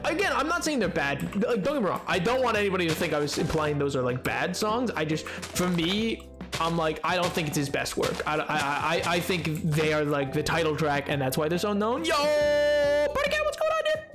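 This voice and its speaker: A man's voice: fairly high pitch, expressive, fairly quick, music in the background. A young adult man chatting casually on a gameplay stream, rambling and playful, often stumbling over his words.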